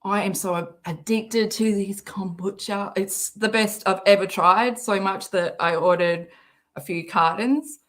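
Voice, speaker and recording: A woman's voice: mid-range voice, a little slow, fairly bright tone. A woman with an Australian accent chatting casually on a livestream, reading out viewer comments between giggly, rambling asides. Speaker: livestream host reading chat.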